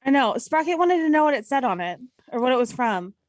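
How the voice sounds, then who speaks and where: A woman's voice: sits high, big pitch swings, quick pace, dry recording. A woman co-hosting a live podcast in casual chat, teasing and laughing often. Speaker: podcast co-host.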